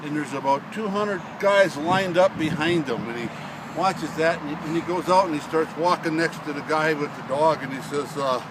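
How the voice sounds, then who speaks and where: Guy rambling thru a joke outside on a golf course, kinda high voice, lots of traffic noise. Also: normal speed. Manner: rambling, repeats words and says "he says" often. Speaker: joke teller. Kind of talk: telling a joke outdoors. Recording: outdoor noise with passing traffic.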